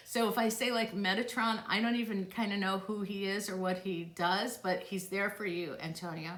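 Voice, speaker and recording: A woman's voice: a little high, fairly bright tone. Bubbly middle-aged woman, echoey room. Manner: bubbly and gushing, gasps and laughs often. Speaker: psychic host answering live questions. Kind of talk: casual live-stream chat. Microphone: phone or tablet.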